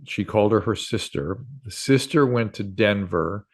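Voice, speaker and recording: Low-voiced older man telling radio stories. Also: normal speed. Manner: rambling, frequent fillers and restarts. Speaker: guest doctor and radio host. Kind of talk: casual interview storytelling.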